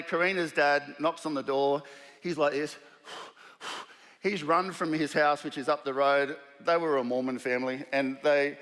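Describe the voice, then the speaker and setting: An Australian man tells a personal story to a conference crowd with animated, conversational energy, slipping into the voices of the people he describes. His voice sits at an ordinary middle pitch. The sound carries a long reverb from a large hall. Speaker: keynote speaker. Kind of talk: storytelling talk to a live audience.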